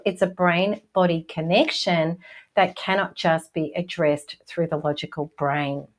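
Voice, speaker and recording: A middle-aged woman hosting a self-help channel, giving a scripted motivational talk in an earnest, reassuring and emphatic way. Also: lowish voice.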